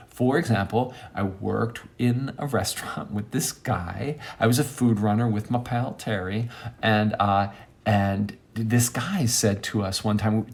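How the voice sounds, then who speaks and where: A man telling a rambling personal story in a casual monologue, acting out quoted friends with sudden high squeaks and dropping to quiet near-whispers. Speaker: monologue host.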